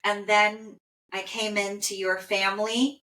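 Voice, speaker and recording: A loving, grateful male rescue dog, anxious at heart, speaking slowly and tenderly, as a woman relays him in her own voice. The tone is bright and clear, drawn out at an unhurried pace. Her words ring out in a roomy, echoing space. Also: medium pitch, little pitch movement. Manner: slow, tender first-person relaying. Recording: roomy echo.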